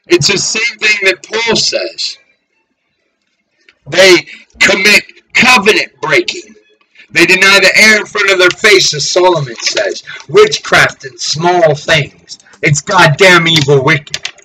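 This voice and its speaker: A man preacher delivering a fiery, profane sermon, ranting, cursing and often shouting. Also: high-pitched, low-quality recording.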